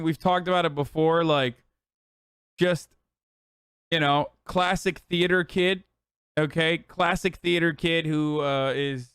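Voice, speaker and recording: A man's voice: a little high, fairly bright tone, clear, resonant tone, no echo, studio quality. A man streaming political commentary, swearing and sarcastic, ranting at speed. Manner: profane, sarcastic, fast rants.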